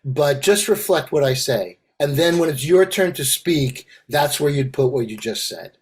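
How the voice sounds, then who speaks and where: An older man facilitating an online empathy circle, talking in a halting way with many fillers and restarts. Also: a little high, expressive, husky. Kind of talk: casual online group discussion. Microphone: video call.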